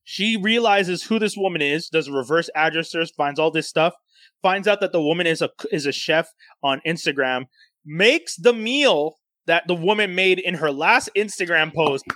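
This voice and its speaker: A man casually retelling a show's plot to friends, animated and profane, breaking into laughter. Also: on the high side, normal speed, dry recording. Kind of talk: casual storytelling recap.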